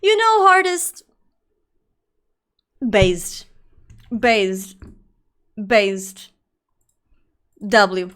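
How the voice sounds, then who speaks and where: A young woman with a medium-pitched, slightly bright voice chats casually on a livestream while dealing with allergies. She rambles with plenty of fillers and affectionately calls her viewers "my love."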